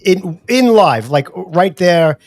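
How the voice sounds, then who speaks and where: A male podcast host with a slightly raised pitch speaks into a dry, close microphone. He chimes in eagerly and echoes back his guest's stories with plenty of short affirmations. His tone stays casual and conversational. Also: animated, takes it slowly. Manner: enthusiastic listener, frequent short affirmations. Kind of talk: casual interview chat.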